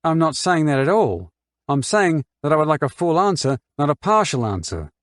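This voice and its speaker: An indignant mother under cross-examination, as a male narrator puts her on, answering with sharp scorn in a lifted, higher voice. She argues point by point, insistent and precise. The sound is dry and close, with no room around it. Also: big pitch swings, moderate pace, dry recording. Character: woman, a mother on the witness stand, firm and scornful.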